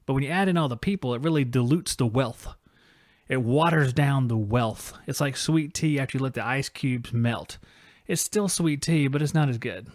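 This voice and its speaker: A man hosts a live podcast, rambling casually through a livestream chat with jokes and self-deprecation. His voice is mid-range at a normal speed, recorded with studio quality and no room sound.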